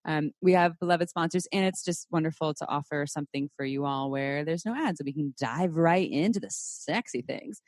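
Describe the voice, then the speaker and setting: A woman's voice: deep voice, moderate pace, hardly any pauses, no echo. Woman cohosting a chatty podcast, bubbly, laughs a lot, dry sound. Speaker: podcast co-host. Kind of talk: casual podcast chat.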